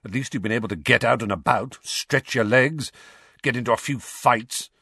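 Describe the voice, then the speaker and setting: A man's voice: medium pitch, normal speed, pushed and bright, slightly rough, dry recording, clean studio sound. A man doing a sarcastic, bitter godfather. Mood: sardonic. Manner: sarcastic, drawling. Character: bitter, sardonic male godfather, middle-aged.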